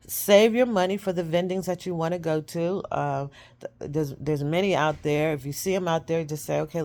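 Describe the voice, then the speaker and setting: Woman vlogger, candid rambling chat to camera, repeats herself. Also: on the low side. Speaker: self-published author vlogging.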